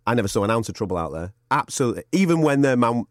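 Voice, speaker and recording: A man's voice: medium pitch, big pitch swings, rapid-fire, dry recording, clean studio sound. A middle-aged man on a podcast, telling stories in casual chat, acting out quotes, swearing and laughing often. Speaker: podcast co-host.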